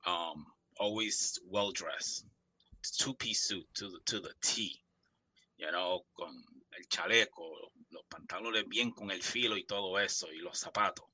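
A man sharing halting, reflective memories of his uncle on a family video call, with Spanish words mixed in. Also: sits low, sharp tone, slightly rough, dry recording, poor audio.

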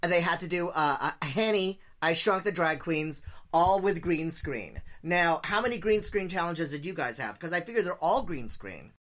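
A man's voice: a little high, expressive, a bit bright. Wry male co-host asking questions. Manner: quick, wry, asks pointed questions. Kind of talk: casual chat.

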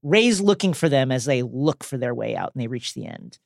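A man co-hosts a film podcast with an excitable, enthusiastic delivery. He sits at a middling pitch and slips into playful mock voices when he quotes. The recording is dry and close. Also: normal speed, gravelly, no echo. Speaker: podcast co-host.

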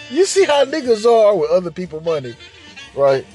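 A man telling a profane, animated story in casual slang, laughing as he goes. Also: high-pitched, normal speed, soft background music. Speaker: podcast host.

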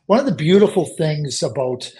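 A middle-aged man with a noticeably high voice talks hockey as a guest analyst. He argues insistently, doubling back on words to hammer home his point. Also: very animated, normal speed, mellow. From Canada. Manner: insistent, repeats words when pressing a point. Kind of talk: emphatic opinionated sports talk.

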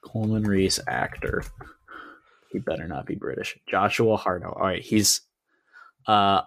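A man with a fairly low voice, talking casually and a bit hesitantly during a movie review podcast. He pauses on "um"s as he sorts through his thoughts. The recording is dry and close. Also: creaky, a bit bright, no room sound. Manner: measured, hesitant, many "um"s. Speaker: podcast co-host. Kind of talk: casual film review chat.

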